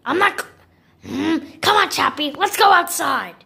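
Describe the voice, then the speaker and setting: A woman's voice: high-pitched, expressive, measured pace, creaky, sharp tone, full character voice. A woman voicing a bossy, mean-spirited puppet who throws the family dog out, in a homemade puppet movie. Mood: snappy.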